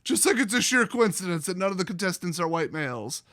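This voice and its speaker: Brief: sarcastic American host, high pitch, sharp bright tone, mocking rant. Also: male voice, fast, hardly any pauses, no echo, clean studio sound. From United States. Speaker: commentary host. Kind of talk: ranting commentary.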